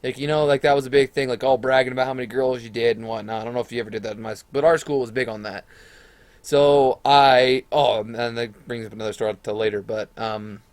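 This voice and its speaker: A man's voice: medium pitch, fast, clear, resonant tone, dry recording. Young man, casual storytime vlogger, rambling and crude, dry close mic. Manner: rambling, profane, animated retelling with quoted voices.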